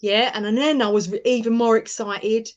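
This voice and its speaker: A woman's voice: fairly high pitch, fairly even intonation, moderate pace, lo-fi sound. Giggly woman telling a story. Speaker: guest. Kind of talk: casual chat.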